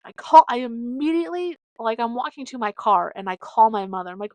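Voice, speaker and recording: Young woman from Nebraska as podcast host, rambling and chatty, fairly high voice, dry close sound. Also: fairly quick, no echo. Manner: chatty, rambling, lots of fillers and animated quoted voices. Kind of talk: casual storytelling monologue.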